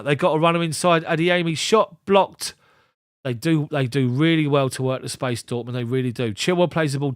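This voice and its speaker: Male fan commentator, fairly high voice, quick clipped match calls with chatty asides, dry recording. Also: no room sound. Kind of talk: live ball-by-ball match commentary.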